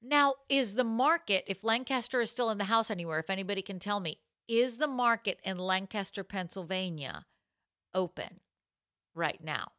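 A woman's voice: mid-range voice, animated, moderate pace, bright, forceful tone, no echo, clean studio sound. A woman co-hosting a live podcast in casual chat, giggling often as she reads listener comments aloud. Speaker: podcast co-host. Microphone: podcast mic.

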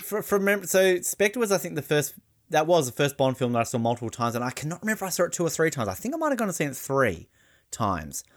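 An Australian man hosting a casual podcast chat, animated and laughing often, slipping into comic voices. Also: a little high, quick pace. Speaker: podcast host.

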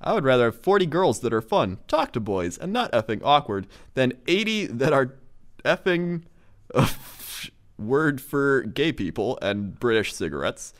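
A man's voice: mid-range voice, big pitch swings, a little slow. A man giving an exaggerated comedic reading of an angry email, swapping curse words for "effing" and breaking into laughter now and then. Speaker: reader of a viral email. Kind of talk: dramatic comedic reading aloud.

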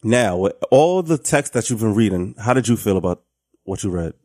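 A host in a casual interview, speaking quietly with brief reactions and questions. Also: mid-range voice, expressive, normal speed.

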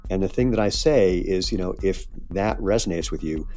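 Man, middle-aged, low voice, candid founder, earnest podcast guest. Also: moderate pace, dark tone, faint music behind. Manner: candid, earnest, gets choked up. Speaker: shoe company founder, guest. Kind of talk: podcast interview.

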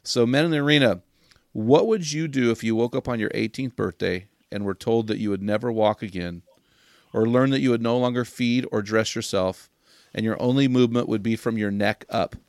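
Male podcast host, energetic, joking, mid-pitched voice, dry close sound. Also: brisk, no room sound. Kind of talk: casual podcast chat.

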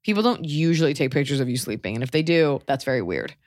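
A young woman co-hosting a casual advice podcast, blunt and jokey, with animated swings in her delivery. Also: rumbling low, fast talker, no room sound. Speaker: podcast co-host.

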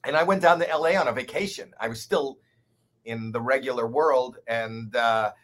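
A man in his sixties, a guest comedian telling a story in casual chat, animated, swearing and poking fun at himself. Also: mid-range voice, normal speed. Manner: animated, profane, self-deprecating.

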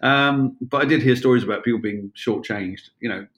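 A man in his sixties, formerly a police officer, tells wry, rambling anecdotes full of fillers and restarts. His mid-range voice is a bit bright, and he speaks at normal speed.

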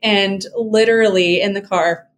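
A woman in her thirties talks as a podcast guest in an at-home conversation, candid and reflective. Her voice sits at an everyday pitch, with a faint background hum under it. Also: fairly even intonation, unhurried. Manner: candid, reflective, laughs through tender moments. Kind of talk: casual interview chat.

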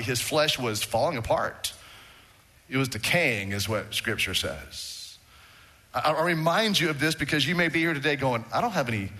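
Man, pastor, sermon, bright tone, conversational, talks to the congregation. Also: mid-range voice. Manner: conversational, engages the congregation with questions. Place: church sanctuary.

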